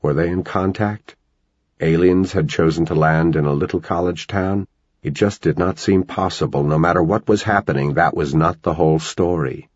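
A man reading a novel aloud as an audiobook narrator, in a measured storytelling manner. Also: low-pitched, husky, no room sound, lo-fi sound. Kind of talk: scripted narration.

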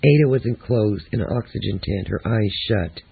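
Male memoir reader, low, raspy voice, tinny phone-like audio. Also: animated, normal speed, no echo. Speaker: audiobook narrator. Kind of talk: first-person memoir narration.

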